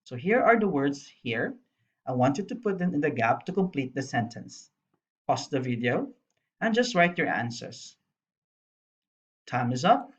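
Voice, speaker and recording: Female primary teacher, unhurried and patient, recorded lesson narration with a slightly muffled sound. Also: rumbling low, big pitch swings. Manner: slow, spells letters out, explains patiently. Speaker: primary school English teacher. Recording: dull lo-fi voice-over.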